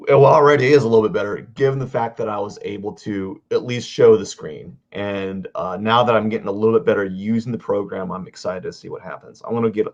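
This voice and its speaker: A man casually talking through a drawing livestream, rambling and halting as he searches for words. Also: lowish voice, vocal fry, a little mellow, lo-fi sound. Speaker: artist streaming a drawing session.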